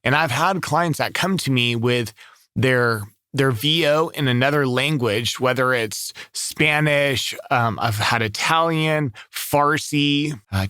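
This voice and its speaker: A middle-aged voice-over artist from Southern California with a relaxed local accent, chatting casually to camera with many restarts. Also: male voice, medium pitch, smooth, no echo, studio quality.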